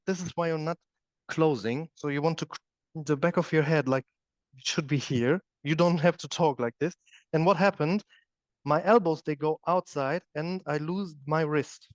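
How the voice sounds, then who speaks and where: A man with a slightly high voice leads a yoga class, explaining each step while he demonstrates it. He keeps checking in with his students. The recording sounds dry and a little dull. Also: dry recording. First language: German. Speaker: yoga teacher. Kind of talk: live instruction in a yoga class.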